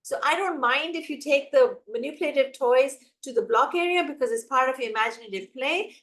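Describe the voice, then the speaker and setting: High-voiced woman giving a teacher training. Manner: energetic, emphatic, acts out examples. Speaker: early childhood educator.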